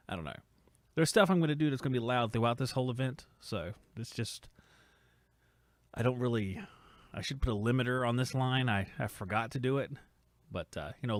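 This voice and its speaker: A man's voice: medium pitch, dry recording. Joking, rambling man reading chat. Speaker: podcast host reading live chat. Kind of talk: casual live-stream chat.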